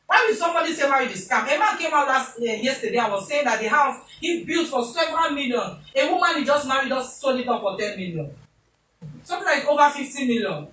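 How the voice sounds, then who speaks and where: A Nigerian woman hosts a talk show in a high, animated voice, moving at a quick pace with a fairly bright tone. She delivers comic commentary, slipping into pidgin as she acts out little scenes. The room is echoey, the mic sits at a distance, and there's faint noise.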